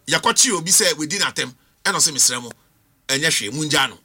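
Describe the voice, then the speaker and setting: Emphatic Ghanaian man, high and animated. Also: moderate pace, slightly rough. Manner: emphatic, argumentative, rhetorical questions, mixes languages. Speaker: political panelist. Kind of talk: heated political talk show debate.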